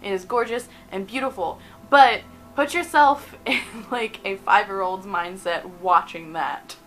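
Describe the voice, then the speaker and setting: A young woman in her twenties hosting a casual countdown vlog, chatty and animated, often giggling between points. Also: mid-range voice, unhurried, faint music behind, rough recording. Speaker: video host.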